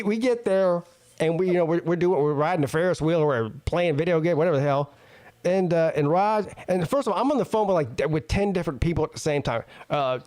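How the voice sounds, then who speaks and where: Male call-in host, high and lively, crude laughing storyteller. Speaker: show host.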